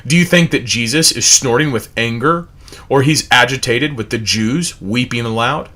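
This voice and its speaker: A man's voice: medium pitch, normal speed. A man leading a livestreamed Bible study, asking repeated rhetorical questions and reading out word definitions. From United States. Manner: animated, repetitive rhetorical questions, reads word definitions aloud.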